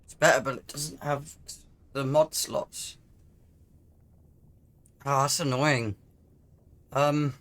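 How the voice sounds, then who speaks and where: A man hosting a casual let's-play, musing aloud over game menus with a throat roughened by coughing. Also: mid-range voice, fairly even intonation, slow pace, long pauses, fairly bright tone. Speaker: gaming channel host.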